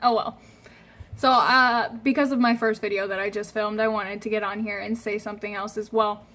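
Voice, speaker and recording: A woman's voice: medium pitch, steady tone, moderate pace, a bit bright. A woman in her twenties talking casually to camera, giving earnest, emphatic advice and repeating her points. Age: 20s. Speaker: vlogger.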